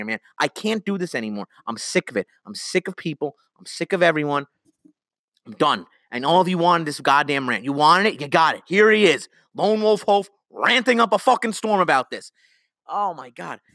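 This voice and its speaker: A man's voice: on the high side, sharp tone, dry recording, clean studio sound. A young man hosting a sports podcast, ranting heatedly about his team, swearing and repeating himself. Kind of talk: solo sports rant.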